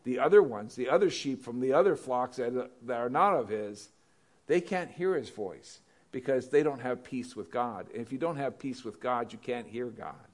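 A man's voice: medium pitch, expressive, moderate pace. Male pastor giving a sermon, conversational, keeps checking in with the congregation. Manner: conversational preaching with questions to the congregation.

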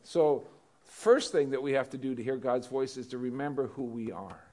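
A man's voice: medium pitch, moderate pace, a little mellow. A pastor preaching a sermon in a conversational way, asking his congregation questions.

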